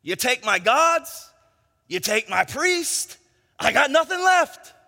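A preacher acts out a robbed, furious man with a New York accent, bellowing in indignant bluster. The voice is sharp and pitched high, and it rings with a long hall reverb. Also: sing-song, slow pace, creaky, exaggerated voice. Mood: outraged. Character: robbed, furious man yelling after thieves.

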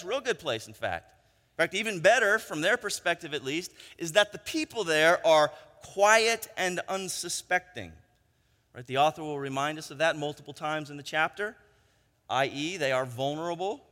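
A man's voice: high-pitched, bright, forceful tone. A man preaching a sermon, retelling a story in a chatty storytelling manner and often checking in with "right?". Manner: conversational storytelling, frequent tag questions. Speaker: pastor. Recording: long hall reverb.

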